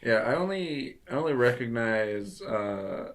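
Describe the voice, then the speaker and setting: A man co-hosting a casual movie review chat, halting with lots of fillers and dry remarks. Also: medium pitch, lively intonation, crowd noise. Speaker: podcast co-host.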